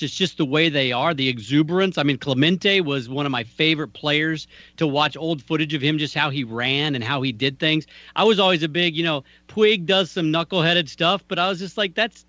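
A man's voice: fairly high pitch, sharp tone, no echo, dull audio. A man co-hosting a radio sports show, enthusiastic and joking as he talks.

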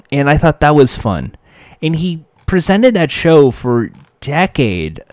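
A man in casual, enthusiastic chat who wanders off on tangents and restarts his sentences. His voice sits at an ordinary middle pitch, recorded close and dry. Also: a little mellow, clean tone, no room sound. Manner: enthusiastic, digressive, many fillers and restarts.

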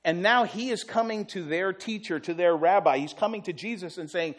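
A man's voice: sits high, brisk, few pauses. A male pastor preaching a sermon, telling the story vividly and acting out the quotes.

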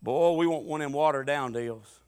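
A middle-aged man preaching a sermon, telling folksy stories and swinging from hollering to quiet asides. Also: fairly high pitch, normal speed.

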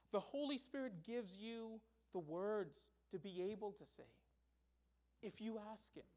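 A middle-aged man preaching a sermon as pastor, telling stories with sudden loud, high bursts.

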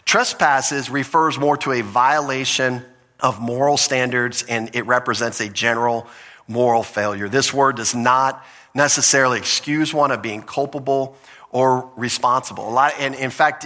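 A man's voice: mid-range voice, bright, forceful tone, in a large hall. A man preaching a sermon as pastor, earnest and teaching, often restarting his phrases.

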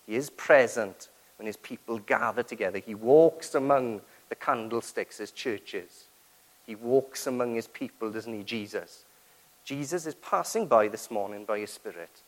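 A man's voice: medium pitch, moderate pace, poor audio. Man preaching with rhetorical questions. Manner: rhetorical questions, dramatic quoted prayers. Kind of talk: sermon.

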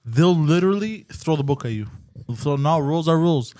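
A man's voice: a little high, a little fast, no room sound, studio quality. A man co-hosting a podcast, chatting casually and swearing freely. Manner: relaxed, swears casually, reacts with short remarks. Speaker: podcast co-host. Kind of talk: casual chat.

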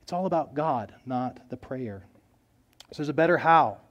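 A man preaching a sermon, earnest, swinging between loud emphasis and soft low asides. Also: animated, moderate pace, dull audio. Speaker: pastor.

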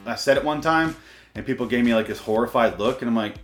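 A man rants at his camera in a solo vlog, swearing freely and sounding fed up. His voice sits at an ordinary pitch for a man. The room adds a noticeable echo. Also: fast talker, soft background music. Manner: profane, exasperated ranting. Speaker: vlogger. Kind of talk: ranting solo video. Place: room recorded on camera and portable recorder.

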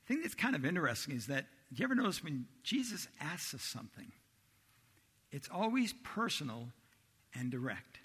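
A male pastor with a somewhat high, slightly husky voice preaches a sermon at a moderate pace, full of bright, pressing energy. He tells the story in an animated way, acting out the disciples' voices, while his words ring through the long reverb of a large hall.

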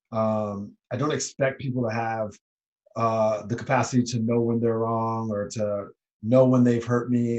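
A man's voice: on the low side, darkish tone. A man co-hosting a podcast, speaking earnestly and reflectively, with frequent fillers. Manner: earnest and self-examining, with fillers. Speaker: podcast co-host. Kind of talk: reflective conversational podcast talk.

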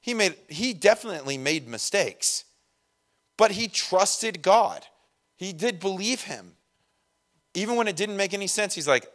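Animated preacher man, slightly high voice. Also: moderate pace. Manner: conversational, acts out quoted voices, swings loud and soft. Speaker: pastor. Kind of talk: sermon.

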